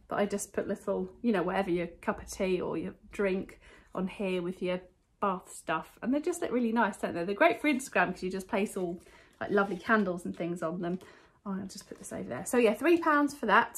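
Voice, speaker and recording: A woman's voice: medium pitch, breathy edge. A woman with a British accent chatting casually to camera at home, showing off thrifted finds in a rambling, enthusiastic way. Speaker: vlogger showing a thrift haul. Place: at home, indoors.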